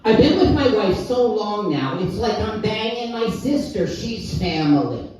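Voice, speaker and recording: A woman performing stand-up as a crude, henpecked middle-aged husband who complains about his wife, delivering deadpan punchlines and chuckling at her own jokes. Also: medium pitch, measured pace, lightly acted. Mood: grumbling. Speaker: stand-up comic. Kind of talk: stand-up comedy set. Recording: echoey room from far off, music behind.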